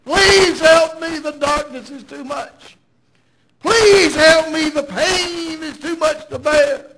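A preacher acting out a desperate blind beggar. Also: male voice, extremely high pitch, lively intonation, a little slow, slight background noise, full character voice, rough recording. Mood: desperate pleading. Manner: shouting, pleading.

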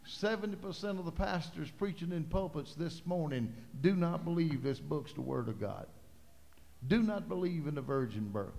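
A man preaching a sermon in a church, impassioned, building to loud, fervent preaching. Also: fairly high pitch, animated, moderate pace, vocal fry. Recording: hall reverb.

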